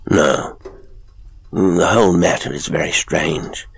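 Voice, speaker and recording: A man playing a calm, skeptical priest in a horror audiobook, gently stubborn in his doubts. The voice sits deep and low, with a husky, gravelly grain. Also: slow pace, no echo, full character voice. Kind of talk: audiobook character voice.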